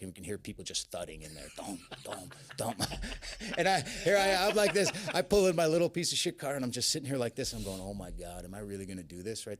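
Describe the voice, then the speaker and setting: Low-voiced man telling a story. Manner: animated, acts out quotes. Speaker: guest. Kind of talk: casual storytelling.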